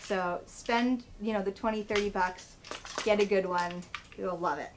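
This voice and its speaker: In this instructional vlog, a thirtysomething physical therapist demonstrates stretches, chatting and poking fun at herself. She speaks unhurriedly in a steady, mid-range voice, with noise audible in the background.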